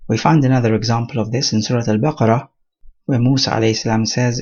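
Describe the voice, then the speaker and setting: Husky man giving a Quran commentary lesson. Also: mid-range voice, fairly even intonation, darkish tone, dull audio. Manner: measured explanatory delivery mixing Arabic terms. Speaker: Quran teacher.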